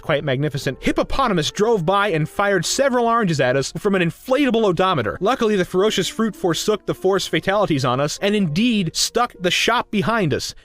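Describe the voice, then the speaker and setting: High-voiced man reading absurd nonsense. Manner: deadpan delivery of nonsense, rapid-fire repeated shouting of swear words. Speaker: comedic reader. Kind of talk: absurdist comic narration.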